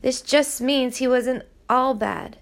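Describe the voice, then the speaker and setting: Brief: a woman playing a desperate teen girl, breathless and urgent, high and gravelly. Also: slow pace, exaggerated voice. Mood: emotional. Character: desperate teenage girl, anguished and pleading.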